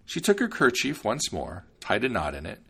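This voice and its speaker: A man narrating a fairy tale in an expressive storybook style. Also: lowish voice, moderate pace, gravelly, slightly rough.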